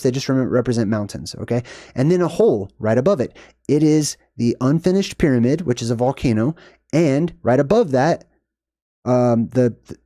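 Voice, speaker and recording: Mellow-voiced man rambling through movie commentary. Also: no echo, studio quality. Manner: rambling, checks in with "okay?" and "boom". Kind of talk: casual screen-share commentary.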